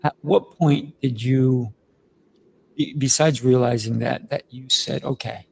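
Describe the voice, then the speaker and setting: A man's voice: mid-range voice, fairly even intonation, unhurried, gravelly, a little hiss or hum, low-quality recording. A man hosting an interview, talking thoughtfully and asking long, winding questions. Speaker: podcast host. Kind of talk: conversational interview.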